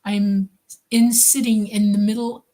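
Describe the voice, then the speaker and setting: A woman speaks under hypnosis, describing visions in slow, halting phrases. She pauses often and searches for her words. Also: medium pitch, level tone, dark tone. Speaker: hypnosis client.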